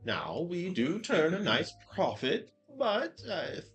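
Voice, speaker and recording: An old hag aunt, as the game master voices her, genteel and slow-spoken behind a bright, lively voice. She chats like a kindly shopkeeper while dropping cheerfully gruesome remarks. Faint music sits under the tabletop session. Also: mid-range voice, exaggerated voice. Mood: businesslike. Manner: genteel and chatty, with gruesome asides.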